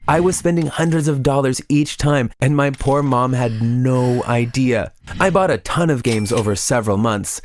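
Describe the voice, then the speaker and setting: A man narrates a first-person confession story from a script. His voice sits at an ordinary mid pitch with plain, steady delivery, as in an animated storytelling video. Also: normal speed, slight background noise.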